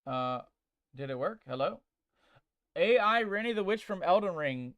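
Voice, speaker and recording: A man's voice: high voice, lively intonation, a little slow, a bit bright, no echo, clean studio sound. A man streaming a game, chatting casually and playfully with viewers he calls mateys while reading chat aloud. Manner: reads chat aloud and tests text-to-speech voices.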